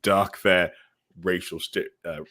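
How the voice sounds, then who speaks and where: A man's voice: deep voice, steady tone, takes it slowly, pushed and bright, no echo, clean studio sound. A man hosting a casual podcast, joking and teasing his co-host and laughing often.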